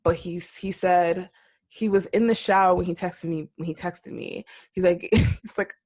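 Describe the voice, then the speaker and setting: A woman co-hosting a podcast, chatting casually and telling a dating story with animated, acted-out quotes. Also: fairly low pitch, normal speed. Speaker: podcast co-host. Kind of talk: casual chat.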